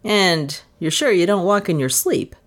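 A stern male detective, read by a woman who fires off curt, clipped questions. The voice sits low and moves in lively turns. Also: moderate pace, lightly acted. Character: stern, dry male detective, middle-aged.

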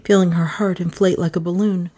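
A woman narrating a novel in an expressive, animated storybook reading. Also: lowish voice, fairly quick. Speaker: audiobook narrator.

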